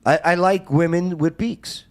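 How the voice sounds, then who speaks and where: A man's voice: high voice, unhurried. A man hosting a casual talk show, joking and plugging the show. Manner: animated, joking, plugs the show. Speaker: show host.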